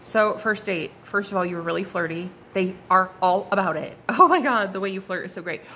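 A woman's voice: medium pitch, fairly quick, bright, forceful tone, a little hiss or hum. A woman giving a casual, gushing tarot reading to her viewers, exclaiming and swearing freely as she turns the cards. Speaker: tarot card reader.

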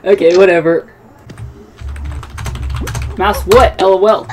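A teenage girl hosting a let's play, giggly and excitable, spelling out internet slang. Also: mid-range voice, slow pace. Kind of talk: casual gaming chat. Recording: music playing in the background.

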